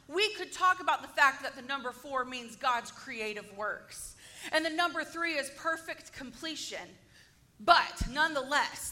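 A woman with a high, bright voice retells a Bible story to her listeners, acting out its scenes. She takes her time and asks the group questions as she goes. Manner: animated, acts out the story and asks the audience questions. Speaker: Bible teacher.

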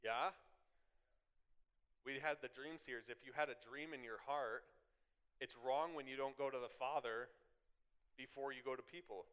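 A man's voice: mid-range voice, steady tone, moderate pace, long pauses, fairly bright tone, smooth. A man preaching a sermon in a chatty, conversational way, wandering into side tangents. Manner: conversational, goes off on side tangents with laughing asides. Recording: long hall reverb.

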